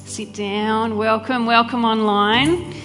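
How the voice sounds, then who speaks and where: A woman's voice: a little high, fairly even intonation, takes it slowly. A woman preacher, praying and giving a church sermon with a fervent, heartfelt delivery and chatty asides. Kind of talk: live church sermon with prayer. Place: church hall during a live service. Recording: long hall reverb, faint music.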